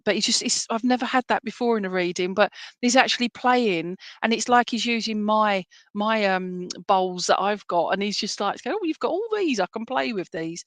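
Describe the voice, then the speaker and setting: An English woman medium gives readings to an online congregation from home. She talks at a middle pitch in a loose, halting way, full of fillers and restarts. The sound is close and dry, with no room around it. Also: fairly bright tone, no room sound. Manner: laughs easily between readings. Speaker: spiritualist medium. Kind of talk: clairvoyant readings at an online service. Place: at home, indoors.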